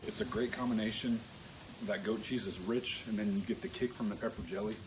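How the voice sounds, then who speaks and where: Man, lowish voice, casual cooking demo, folksy, filler words, faint outdoor background. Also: a little fast, background noise. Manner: relaxed, folksy, with frequent fillers and restarts. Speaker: cook team captain demonstrating a recipe. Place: outdoor grill setup.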